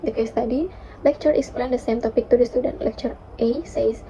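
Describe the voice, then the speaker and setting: A young woman, a university student, reading a class presentation with careful, steady delivery and occasional fillers. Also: on the high side, fairly quick, slight background noise. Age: young adult. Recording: dull lo-fi recording.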